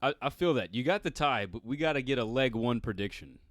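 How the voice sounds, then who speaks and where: A man's voice: mid-range voice, expressive, brisk, a bit bright, no echo. A man co-hosting a casual soccer podcast, joking around and rattling off team news with hype. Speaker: podcast co-host.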